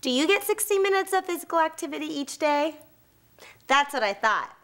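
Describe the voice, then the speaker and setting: Brief: cheerleader woman, high lively bright voice, unhurried, rallying students. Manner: upbeat, leading a crowd cheer. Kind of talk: school presentation to students.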